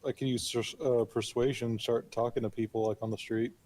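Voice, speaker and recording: A man's voice: medium pitch, little pitch movement, brisk, darkish tone. A man playing a tabletop game, chatting casually and hesitantly. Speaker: player.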